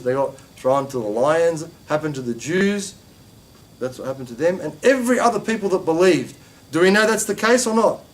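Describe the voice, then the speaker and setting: An Australian man with a slightly high voice teaches a religious class. He speaks animatedly, leaning on lots of rhetorical questions and emphatic repetition.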